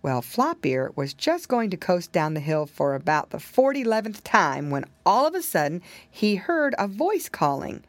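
A woman reading a children's storybook aloud, with gentle, expressive storytelling. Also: fairly low pitch, normal speed, few pauses, no room sound. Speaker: audiobook reader.

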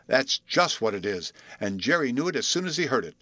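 A man voicing a calm, shrewd young man in a storybook reading, explaining things thoughtfully. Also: medium pitch, a little fast, no echo.

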